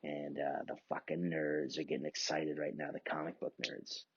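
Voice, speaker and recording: A man's voice: extremely low pitch, little pitch movement, normal speed, husky, no room sound, muffled recording. A man hosting his own podcast, rambling casually and profanely and chuckling often between thoughts. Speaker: podcast host.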